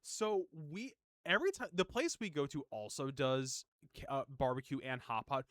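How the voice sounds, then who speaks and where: A man's voice: medium pitch, sing-song, moderate pace, a bit bright, no echo, studio quality. A man hosting a game stream, chatting playfully and laughing often. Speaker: streamer host. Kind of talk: casual chat on a game stream.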